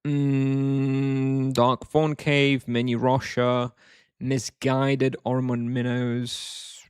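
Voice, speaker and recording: A man's voice: medium pitch, flat delivery, extremely slow, a little mellow, smooth, no room sound, studio quality. Wry man streaming a game. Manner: wry, offhand, answers chat between moves. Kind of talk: casual live-stream chat while gaming.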